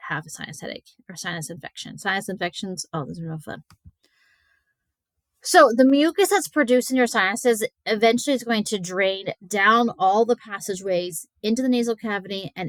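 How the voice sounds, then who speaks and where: A woman lectures on anatomy in a relaxed, conversational tone, full of "um"s and asides. She trips over tricky terms and laughs them off. Her voice sits at an ordinary middle pitch, recorded close and dry. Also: no room sound. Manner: chatty, many fillers, stumbles over hard words. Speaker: teacher.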